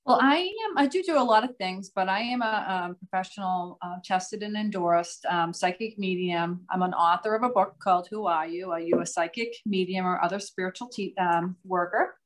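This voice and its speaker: A woman's voice: mid-range voice, normal speed, few pauses. A middle-aged woman from outside Boston with a light Boston accent, talking earnestly and at length as a podcast guest, with frequent "um"s and restarts. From Massachusetts, US. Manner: earnest, talkative, many fillers and restarts. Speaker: guest, psychic medium and author. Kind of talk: casual interview chat.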